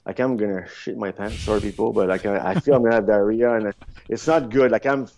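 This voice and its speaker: A man in his fifties, a podcast guest, telling rambling, animated stories in a casual interview, with frequent restarts. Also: fairly low pitch, quick pace. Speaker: podcast guest, former luge athlete. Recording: dull lo-fi sound.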